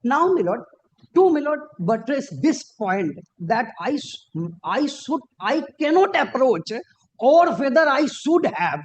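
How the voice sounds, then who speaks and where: High-voiced lawyer arguing in court. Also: male voice, big pitch swings, poor audio. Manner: deferential, peppered with repeated formal address to the bench; halting, with frequent restarts and emphatic rises on key points. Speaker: advocate arguing before a judge. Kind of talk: formal courtroom argument.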